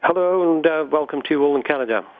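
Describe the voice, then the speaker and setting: Middle-aged Falkland Islander on a tinny phone line. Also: male voice, a little high, fast. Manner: chatty, many fillers and restarts. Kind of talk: phone-in interview. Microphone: telephone.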